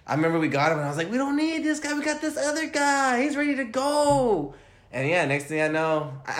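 A young man talks casually and profanely, telling stories packed with slang. His voice sits in a middle register. The room around him is echoey. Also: medium pitch. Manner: profane, animated storytelling with slang. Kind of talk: casual chat.

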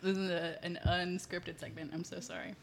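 A woman's voice: lowish voice, flat delivery, normal speed, slight background noise. A woman co-hosting a podcast, talking in a laid-back, chatty way. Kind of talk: casual group chat.

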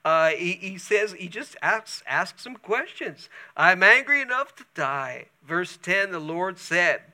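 A male pastor preaching a sermon, telling the story in an animated way with chatty asides. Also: sits high, slow.

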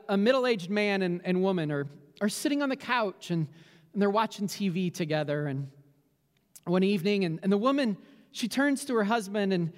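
A middle-aged pastor prays and preaches earnestly in a church sanctuary with candles behind him, often repeating words as he restarts. His voice is high, and the sound carries a big-room quality.

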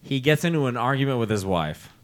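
A man in casual comedic chat with friends, rambling through crude theories, swearing freely and slipping into quick acted-out bits. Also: mid-range voice, expressive. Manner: profane, rambling, acts out characters in bits.

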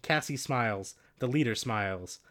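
A man's voice: medium pitch, normal speed, background noise. Casting: a man reading a storybook aloud, casual and jokey. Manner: laughing, joking asides. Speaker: reader.

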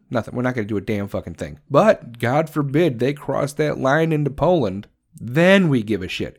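A man hosting a profane political rant, crude, heated and sarcastic. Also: mid-range voice. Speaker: commentator host.

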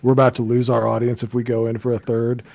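A man co-hosts a podcast in relaxed, chatty talk, quick to laugh. His voice sits at an ordinary middle pitch. It is recorded close on a dry mic with no room sound. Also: gravelly, dry recording. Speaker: podcast co-host. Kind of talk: casual podcast chat.

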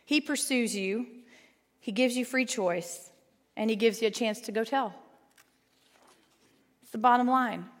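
Female Bible study teacher, earnest and playful, slightly high voice, reverberant hall. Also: unhurried, pauses often. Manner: earnest, playful, with asides to the room. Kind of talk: Bible lesson with storybook reading. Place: large room with a group.

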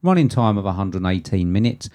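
A jokey man chats about films as a podcast co-host and swears often. His voice sits fairly low and has a warm, relaxed tone. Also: fast, no echo, clean studio sound. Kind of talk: casual film chat.

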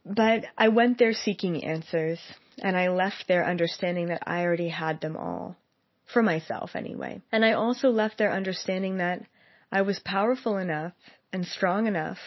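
Talking directly to her viewers, a young psychic delivers an earnest, meandering monologue full of fillers. She has a lowish voice and a moderate pace, captured in a dry, slightly muffled recording without any room sound.

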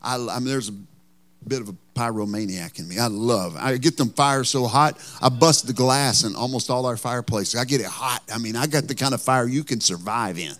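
A man's voice: mid-range voice, a little fast, a bit bright. A man preaching a sermon as pastor, telling a folksy, joking story.

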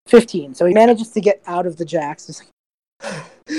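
A woman's voice: fairly low pitch, mellow, no room sound. A woman running a tabletop game as game master, narrating playfully with giggles and lots of fillers.

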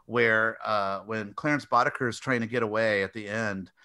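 A man co-hosting a relaxed hobby podcast, telling movie stories with a lot of energy. His voice is bright and forward, and he keeps breaking into acted-out lines and laughter. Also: fairly low pitch, normal speed, dry recording. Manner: animated storyteller who acts out scenes with squeals and laughs. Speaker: podcast co-host. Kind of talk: casual chat about movies.

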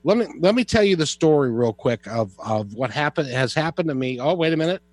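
A man's voice: on the high side, lively intonation, brisk, darkish tone, no echo, faint music behind. A man hosting a call-in radio show, chatty and friendly with folksy asides to callers. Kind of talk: casual talk radio hosting.

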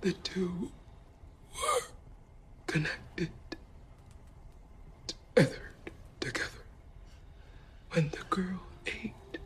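An actress playing an eerie woman doppelganger who tells a tale in a strained, whispery rasp, in a film clip. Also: on the low side, wildly swooping pitch, drawn-out words, pauses often, exaggerated voice.

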